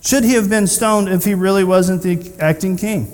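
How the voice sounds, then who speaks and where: A man preaching a sermon in a church, retelling scripture in an animated storytelling manner and acting out the quoted speakers. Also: high voice, normal speed, long reverb tail. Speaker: pastor.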